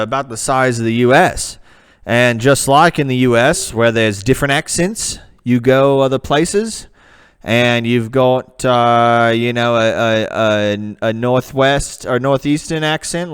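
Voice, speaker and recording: A man's voice: medium pitch, clear, resonant tone, natural voice. A man voicing a rambling young man from the Australian outback with a put-on Australian accent, hesitant and full of fillers, in a comedy character vlog.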